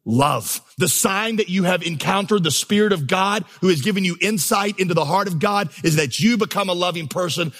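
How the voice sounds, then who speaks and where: A pastor preaches a sermon in a high-sitting, fairly bright voice. He tells stories sprinkled with humorous asides and builds to emphatic, impassioned crescendos.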